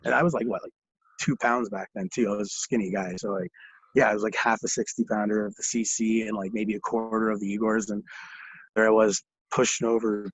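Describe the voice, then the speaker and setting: A low-voiced young man with a husky, gravelly edge tells rambling stories, laughing through them and swearing freely. The recording is dry and dull, a lo-fi capture. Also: steady tone, fairly quick, dry recording. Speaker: guest. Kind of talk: casual storytelling chat.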